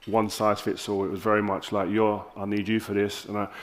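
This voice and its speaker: A man with a South London accent, an interview guest telling candid stories on stage with animated, lively quoted dialogue. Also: lowish voice, a little fast. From South London, England.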